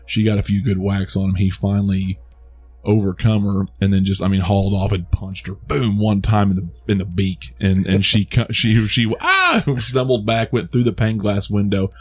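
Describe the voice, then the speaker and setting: Low-voiced man rambling about a movie. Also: flat delivery, moderate pace, a little mellow, husky. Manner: rambling, many restarts, laughs at his own jokes. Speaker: podcast co-host. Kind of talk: casual movie review chat.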